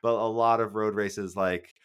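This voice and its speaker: A man's voice: fairly low pitch, steady tone, measured pace, a bit bright, smooth. Rambling, self-deprecating male co-host. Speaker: podcast co-host. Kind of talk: casual chat.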